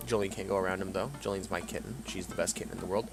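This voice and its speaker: A man's voice: low-pitched, steady tone, racing, gravelly, few pauses, soft background music. Grumbling, sarcastic man commentating a game. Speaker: let's play commentator. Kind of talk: solo game commentary reading dialogue.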